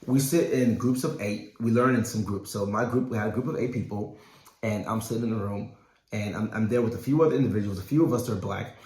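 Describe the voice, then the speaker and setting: A man's voice: lowish voice, fast talker, a little mellow. A man in his thirties giving a keynote speech as a doctor, telling a personal story and acting out the dialogue. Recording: echoey hall.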